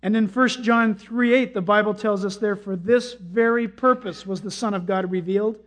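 A pastor with a high, light voice delivers a sermon to his congregation. His preaching is dramatic, jumping to sudden shouts and sinking to a hush as he acts out quoted lines. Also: steady tone, moderate pace.

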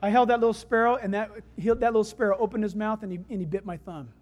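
A preacher telling homely stories in a sermon, talking in a conversational way that swings between loud, excited stretches and hushed, quiet ones. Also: medium pitch, fast, highs cut off. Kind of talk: sermon with storytelling.

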